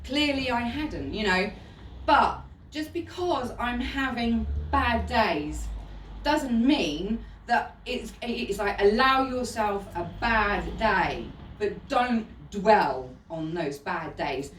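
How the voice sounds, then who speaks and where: Woman, animated pitch, talks in a chatty way with lots of laughs, roomy hall, heard from a distance. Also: slow pace, a little hiss or hum. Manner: chatty, laughing often, says "you know" a lot. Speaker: speaker giving a talk. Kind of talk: personal story told to an audience. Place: event hall.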